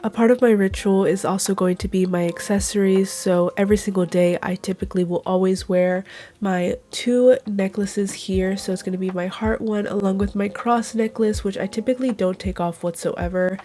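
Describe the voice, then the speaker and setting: A young woman talks through her monthly favorites at an even, unhurried pace, calm and gently enthusiastic. A cold has left her sounding nasal and congested. Her pitch sits in an ordinary middle range for a woman. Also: faint music behind. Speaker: YouTuber. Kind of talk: monthly favorites vlog narration.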